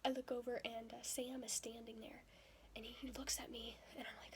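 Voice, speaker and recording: Animated young woman telling a story. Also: a little high, quick pace. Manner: animated retelling, acting out quotes with frequent breathy asides. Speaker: vlogger. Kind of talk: storytelling vlog. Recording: faint background noise.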